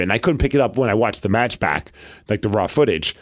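A man co-hosting a podcast, telling wrestling stories in casual chat, animated and laughing as he talks. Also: medium pitch, fast, dry recording, clean studio sound.

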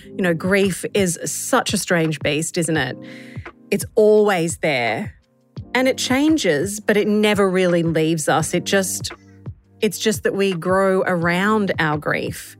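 A woman, introducing a podcast clip in a gentle, reflective, explanatory way. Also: on the low side, takes it slowly. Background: faint music.

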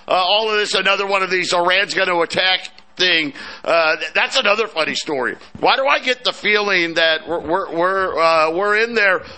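A man hosting a markets talk show, animated and sarcastic, full of restarts and asides. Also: high-pitched, normal speed, hardly any pauses. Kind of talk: market commentary chat.

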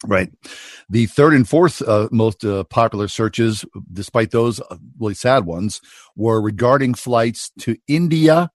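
A man's voice: medium pitch, animated, unhurried, no room sound. A middle-aged man co-hosts a radio talk show from a spare room at home. His delivery is loose and rambling, full of fillers and restarts. The sound is dry and close. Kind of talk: casual on-air chat.

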